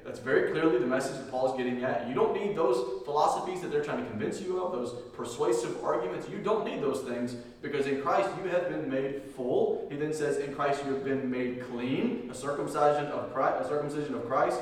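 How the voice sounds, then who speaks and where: A male pastor preaching a sermon with emphasis, repeating key lines and swinging between loud declarations and hushed moments. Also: fairly high pitch, fairly quick, few pauses. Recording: echoey hall from far off.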